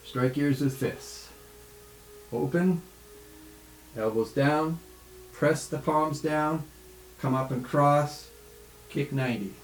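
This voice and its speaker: A man teaching tai chi in a home studio, calmly calling out the steps of a follow-along routine. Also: a little high, soft background music. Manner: calm, relaxed, calls out steps slowly. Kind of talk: follow-along movement instruction. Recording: echoey studio room.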